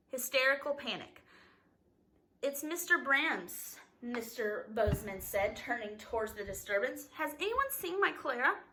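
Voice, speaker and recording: A woman's voice: on the high side, bright, forceful tone, poor audio. A woman reading a novel aloud expressively, stumbling over a word now and then. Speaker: reader.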